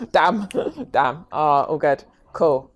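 Low-voiced chatty woman podcast host. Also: expressive, a loud crowd. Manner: chatty, quick to laugh along. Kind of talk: casual podcast interview.

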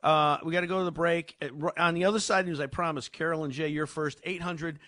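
A man hosting a call-in radio show, telling stories in an animated way and often repeating words as he talks. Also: on the high side, fast, dry recording. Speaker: radio talk show host. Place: radio studio. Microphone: studio microphone.

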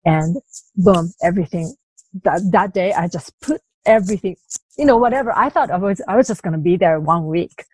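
Woman retelling a story in halting bursts. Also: lowish voice, darkish tone, breathy edge, no room sound, low-quality recording. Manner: halting retelling with frequent restarts, "you know" and light laughs. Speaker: interview guest. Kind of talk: personal story in a conversational interview.

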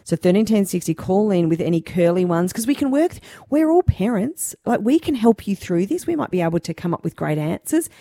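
A woman's voice: mid-range voice, dry recording. A middle-aged Australian woman co-hosting a radio show in casual, teasing banter. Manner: animated, teasing, quick to laugh. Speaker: radio co-host.

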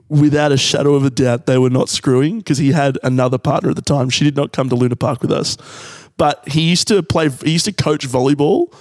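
A man's voice: medium pitch, a little mellow, no echo, clean studio sound. A man with an Australian accent, co-hosting a podcast and telling a story in casual chat. He swears freely and acts out the voices in it. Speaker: podcast co-host.

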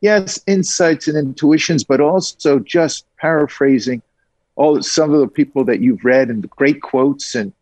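Energetic man telling stories. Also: on the high side, no echo. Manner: energetic storyteller, quick asides. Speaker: guest. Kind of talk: casual interview talk.

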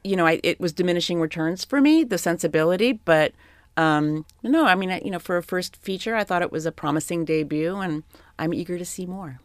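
A film critic on a radio show who gives a measured, thoughtful review. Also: mid-range voice, no echo, clean studio sound.

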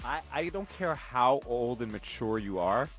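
A man's voice: mid-range voice, unhurried, faint music behind. A man hosting a morning radio show in a studio, chatting casually and reading out listener texts. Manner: relaxed, reads out listener texts, chuckles often.

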